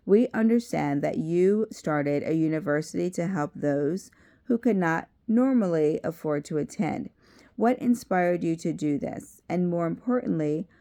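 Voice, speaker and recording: A woman's voice: on the low side, lively intonation, a little slow, gravelly, dark tone. A woman reading aloud as a polite, curious businesswoman asking direct questions.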